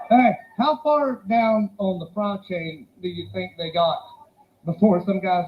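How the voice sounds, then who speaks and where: A male stand-up comedian telling animated stories and slipping into put-on voices. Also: sits high, measured pace, highs cut off, a little hiss or hum.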